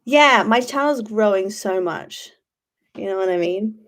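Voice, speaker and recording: A woman's voice: medium pitch, animated, measured pace. A woman hosting a casual livestream, rambling, swearing freely and answering chat. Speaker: YouTube livestream host.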